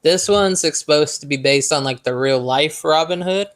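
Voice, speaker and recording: A man's voice: on the high side, normal speed, fairly bright tone. Call-in guest, male, North Carolina native, rambling casual storyteller with many ums. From North Carolina, USA. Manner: rambling, chuckles often, many fillers. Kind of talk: casual chat. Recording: call-in audio.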